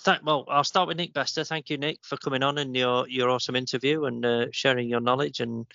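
Man, bright voice, cheeky banter, podcast co-host, dull dry lo-fi audio. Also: medium pitch, steady tone, a little fast, gravelly, no room sound. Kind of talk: casual podcast chat. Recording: dry, dull lo-fi remote recording.

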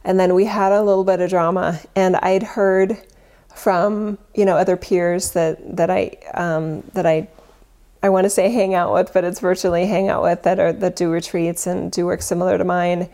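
A woman with a low, mellow voice talks through her spiritual work in a loose, rambling way. She keeps stopping to correct herself and adds a lot of fillers. Her tone is earnest and open, and a gravelly fry runs under her words. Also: level tone, moderate pace. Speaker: spiritual teacher and retreat leader. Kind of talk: casual spiritual talk.

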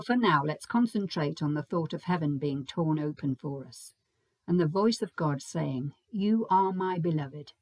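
A woman preaching a Sunday sermon in a measured, gentle and reflective way. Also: low voice, husky, no room sound. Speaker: preacher leading a Sunday service.

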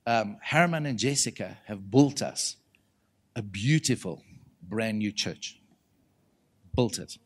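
A middle-aged man with a South African accent, preaching a sermon as a lively story and acting out the voices of the people in it. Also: fairly low pitch, takes it slowly, long pauses. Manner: animated, acts out the voices in his stories.

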